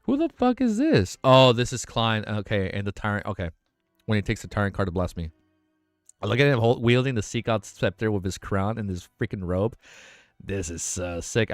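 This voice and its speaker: Young man, livestream host, casual excitable chatter, worn-out tired voice, dry close mic, faint music under him. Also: on the low side, dry recording. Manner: excitable, swears freely, gushing reactions. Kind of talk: casual livestream chat reacting to artwork.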